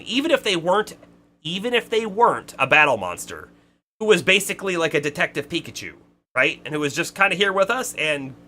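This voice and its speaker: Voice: medium pitch, pushed and bright. A streamer giving chatty playthrough commentary, reading game dialogue aloud and laughing often.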